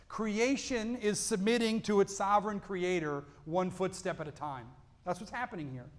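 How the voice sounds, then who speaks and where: A man with a high voice preaches a sermon to his congregation. He reads scripture aloud and then explains it earnestly. He swings from emphatic peaks down to hushed, quiet lows. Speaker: pastor.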